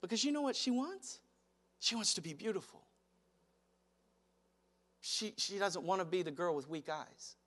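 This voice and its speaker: A man preaching a sermon as pastor, animated, acting out quotes and chuckling as he speaks. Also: high voice, normal speed, pauses often.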